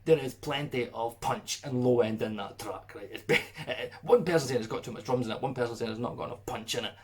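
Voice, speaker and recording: A musician in a casual vlog, sarcastic, laughing and swearing. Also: male voice, mid-range voice, fairly quick.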